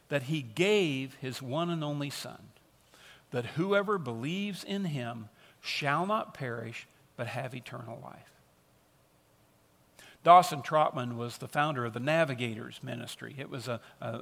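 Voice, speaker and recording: A man's voice: medium pitch, creaky, fairly bright tone. A man preaching a sermon as pastor, earnest and emphatic, repeating key phrases for stress. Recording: long reverb of a large hall.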